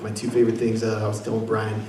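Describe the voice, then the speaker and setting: Speaking as a guest before an audience in a meeting room, a young man from Washington State offers a heartfelt faith testimony, stumbling through many fillers and restarts. His lowish, warm voice moves quickly with an entirely flat delivery. The echoey recording was made from afar and carries faint noise.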